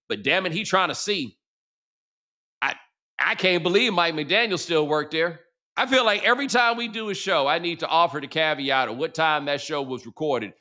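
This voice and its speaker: A man's voice: fairly high pitch, bright, forceful tone. A middle-aged man hosting a sports talk show, talking in a casual, slangy, conversational way.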